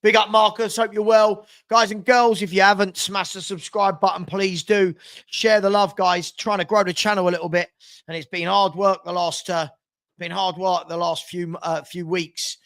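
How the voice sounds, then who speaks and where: A man with a high, level, slightly bright voice hosts a live football watchalong at normal speed. He calls the action, groans at his team, and chats with viewers by name.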